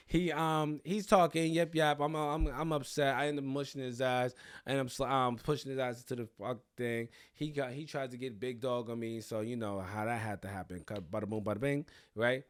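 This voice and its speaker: Young male host, mid-pitch, animated comic storyteller, profane and boastful, dry close mic. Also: moderate pace, no echo. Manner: animated, profane, crude bragging humor. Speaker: podcast host. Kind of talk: comedic storytelling.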